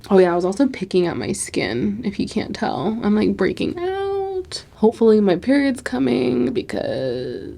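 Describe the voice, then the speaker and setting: A tired young woman vlogging to a camera held close in a library, her voice gravelly with a lot of fry. She talks candidly and wearily, venting about burnout and swearing freely, at an ordinary middle pitch. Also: darkish tone. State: tired, burnt out. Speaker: nursing student vlogger. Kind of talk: casual vlog talk to camera. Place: indoors in a library.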